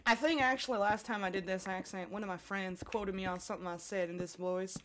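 A folksy, drawling country hick with a put-on Southern accent, as a woman voices him. He talks in homespun rural phrases at a mid pitch. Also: steady tone, fairly quick, a little hiss or hum, lightly acted. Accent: put-on American Southern drawl.

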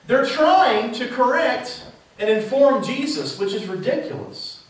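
A man's voice: very high voice, expressive, unhurried. A male pastor preaching a sermon in a church, asking the congregation rhetorical questions. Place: church sanctuary. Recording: very echoey church heard from a distance.

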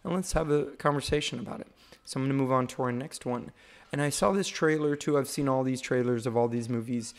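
A man hosting a casual livestream about new home-video releases, rambling and halting with many fillers. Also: mid-range voice. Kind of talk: casual live-stream commentary.

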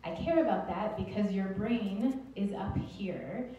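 A woman teaching the Alexander Technique, gently and encouragingly guiding a group through an exercise step by step. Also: medium pitch, unhurried, highs cut off. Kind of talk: guided group exercise instruction. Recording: roomy distant mic with faint noise.

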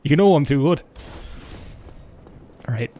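A man's voice: fairly high pitch, lively intonation, unhurried, dark tone, slight background noise. A young Irish man live-streaming a game alone in his room, joking and rambling to his chat as he plays. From Ireland. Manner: jokey, rambling, talks to chat while playing.

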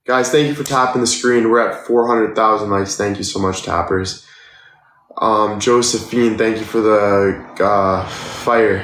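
A man's voice: lowish voice, steady tone, unhurried, a bit bright, roomy sound. A young man in his twenties, chatting casually on a live stream and thanking viewers for gifts, tired and sore. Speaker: livestreamer.

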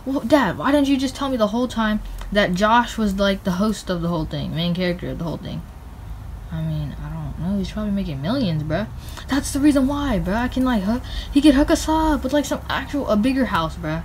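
A woman's voice: medium pitch, expressive, brisk, darkish tone, a little hiss or hum, close to an everyday voice, rough recording. A woman voicing a bored, whiny young male plush toy character in a homemade skit. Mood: excited. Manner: whiny, complaining.

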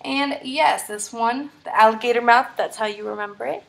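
A young woman who teaches third-grade math records her screen for a tutorial, talking through each problem step by step. Her voice sits on the high side and is gravelly, with a moderate pace and an upbeat, encouraging manner.

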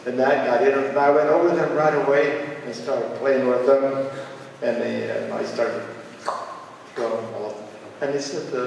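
A man in his seventies from Ohio, telling folksy stories at a charity fundraiser in a halting, rambling way with many filler sounds. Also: medium pitch, fairly even intonation, creaky, a little hiss or hum. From Ohio, USA. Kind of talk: folksy personal storytelling. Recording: echoey hall, distant mic.

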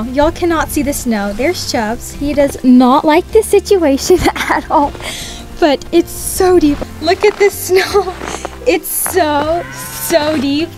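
A woman vlogging outdoors in the snow on a homestead with a handheld camera, bubbly and exclamatory, laughing often. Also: high-pitched. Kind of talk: casual vlog narration.

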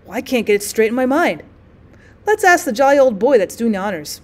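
A woman reading the part of a breezy, slangy young society gentleman in a storybook. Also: a little high, very animated, brisk. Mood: bemused. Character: bemused young male society traveler.

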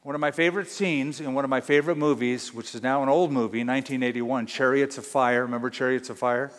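A man's voice: mid-range voice, steady tone, quick pace, a bit bright, long reverb tail. A man preaching a sermon as pastor, emphatic and full of rhetorical questions. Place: church.

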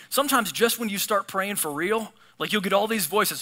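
A male pastor preaching a sermon in a church auditorium, animated and acting out the voices of the people in his stories. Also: high-pitched, quick pace. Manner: animated, acts out voices in scripture and prayers.

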